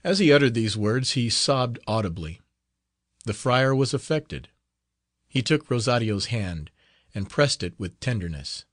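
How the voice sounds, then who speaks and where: A man reads a classic novel aloud in a measured, expressive way. His mid-pitched voice moves through a wide melody. The sound is close and dry, with no room echo. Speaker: audiobook narrator. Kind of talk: scripted narration of a classic novel.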